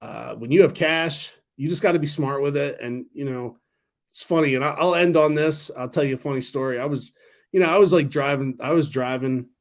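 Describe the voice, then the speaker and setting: A man in his thirties hosting a casual stock talk livestream, rambling and excitable, swearing freely. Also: medium pitch, fairly quick. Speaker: stock talk channel host.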